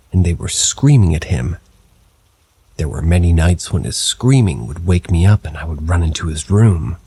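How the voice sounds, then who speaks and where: Scripted first-person paranormal stories are narrated by a man whose husky voice holds a low, even storytelling tone.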